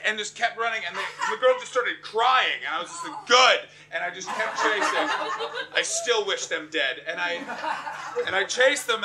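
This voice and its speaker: Guy doing stand-up, bright punchy voice, swears a lot, goes from mumbling to yelling. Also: high voice. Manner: profane, animated, swings from muttering to frantic yelling. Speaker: stand-up comedian. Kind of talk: stand-up storytelling.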